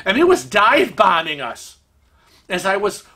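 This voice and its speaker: A man telling a story in an animated, excitable way to his vlog viewers. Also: high voice, a little slow. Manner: animated, excitable storytelling with laughs and acted-out quotes. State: vision impaired, uses a cane. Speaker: vlog host. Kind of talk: casual storytelling.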